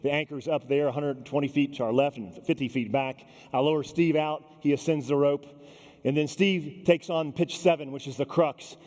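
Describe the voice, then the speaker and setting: Animated storytelling man in a big hall. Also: on the high side, moderate pace. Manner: animated, folksy storytelling, acting out voices. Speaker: keynote speaker. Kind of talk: dramatic storytelling speech. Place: large conference hall. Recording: echoey hall sound.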